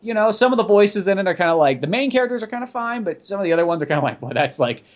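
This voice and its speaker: A man hosting a podcast, chatting casually in a rambling, animated way full of "like". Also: high-pitched, racing. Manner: rambling, animated, heavy use of "like". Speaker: podcast host. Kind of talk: casual chat.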